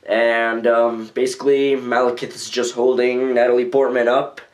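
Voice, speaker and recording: With a level tone and moderate pace, this young American vlogger talks at a medium pitch. He rambles casually on his own channel, his phrasing loose and packed with fillers.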